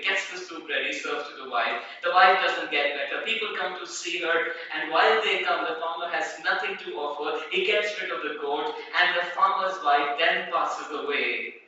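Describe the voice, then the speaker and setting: A man's voice: on the high side, sharp tone, slight background noise. A man giving an inspirational talk on stage, earnest and full of rhetorical questions. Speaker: conference speaker. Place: large hall on stage. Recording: echoey hall from far off, dull.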